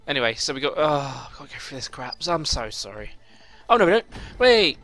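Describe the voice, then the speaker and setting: A man's voice: mid-range voice, big pitch swings, a little fast, pushed and bright. A young man commentating his own gameplay, swearing often and boiling over in frustrated outbursts. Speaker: gaming YouTuber.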